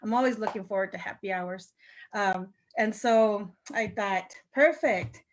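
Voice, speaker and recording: A woman's voice: mid-range voice, measured pace, a little hiss or hum. An older woman, a sales representative, telling a casual story to viewers on a live video, laughing often and acting out what her friends said. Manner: chatty, laughs often, acts out quoted friends.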